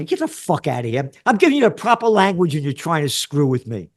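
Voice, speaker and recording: A man's voice: fairly high pitch, very animated, moderate pace, hardly any pauses. A man in his seventies with a New York accent, a guest in an interview who talks bluntly and emphatically and swears freely. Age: 70s. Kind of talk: conversational interview.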